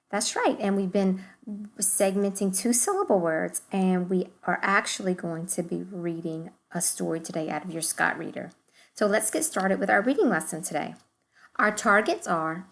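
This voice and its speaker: A woman teacher leading a recorded phonics lesson for young children, upbeat, sounding out each word slowly. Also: lowish voice.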